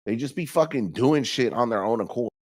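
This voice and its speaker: A young man co-hosting a casual morning talk show, telling stories with profane, animated banter. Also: fairly quick, no room sound, studio quality. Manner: animated storytelling, jumps high when quoting himself. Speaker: co-host.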